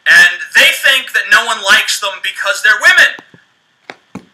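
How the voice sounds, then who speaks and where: A man's voice: high-pitched, animated, slow, bright, forceful tone, rough recording. A man ranting in a vlog, crude and contemptuous, swearing freely. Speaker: video blogger in a played clip.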